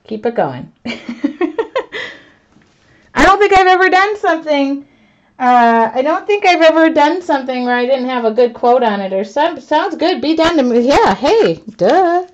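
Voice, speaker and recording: Chatty excitable woman on a lo-fi stream. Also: sits high, a little slow. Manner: excitable, self-mocking, laughs a lot. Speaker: artist streaming live. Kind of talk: chatty live-stream talk to viewers. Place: home art studio, indoors. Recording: dull lo-fi stream audio.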